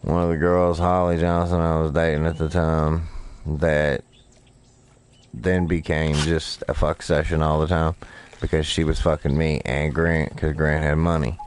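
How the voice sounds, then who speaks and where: A man's voice: a bass voice, little pitch movement, a little slow, clean tone. A man telling a rambling, profane story while he plays a fishing game on stream. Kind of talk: casual storytelling while gaming.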